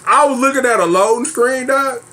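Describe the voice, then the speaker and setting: A man's voice: extremely high pitch, brisk, bright, forceful tone. A man hosting a casual rant, laughing hard while talking and using heavy slang, from a small room at home. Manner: heavy slang, repeats himself. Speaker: host.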